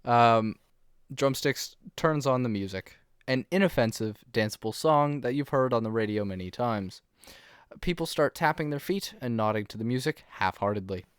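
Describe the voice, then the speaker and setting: A man's voice: mid-range voice, animated, moderate pace, clear, resonant tone, dry recording, studio quality. A man streaming a text adventure, narrating scenes playfully with frequent laughs and hesitant fillers.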